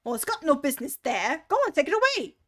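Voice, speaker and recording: A woman voicing an irritable, bossy male white rabbit who shouts and scolds in a storybook reading. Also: sits high, sing-song, fast, pitched above the performer's own voice. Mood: angry.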